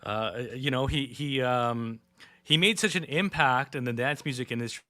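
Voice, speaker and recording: A man with a bright, forceful voice hosts a relaxed interview. He asks long, winding questions, often stumbling and repeating his words as he thinks aloud. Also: medium pitch, moderate pace. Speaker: interview host. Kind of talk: casual interview chat.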